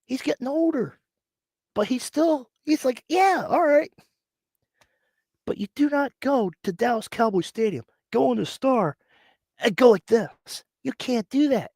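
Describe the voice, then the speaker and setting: A man's voice: extremely high pitch, moderate pace, gravelly, husky, no echo. A man hosting a live sports stream, ranting and mocking rival teams while sick with a cough. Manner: animated, mocking, mimics players. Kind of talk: casual live-stream rant.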